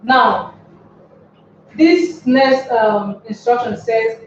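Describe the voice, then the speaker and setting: A woman teaching an English lesson on word stress, explaining step by step and repeating words slowly. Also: fairly high pitch, slight background noise. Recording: very echoey room, far from mic, dull.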